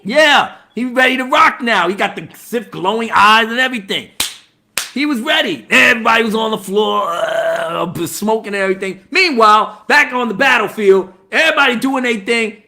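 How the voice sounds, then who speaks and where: A man giving a casual, profane spoiler movie review, talking in an animated way and laughing often. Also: high-pitched, moderate pace, gravelly, slight background noise.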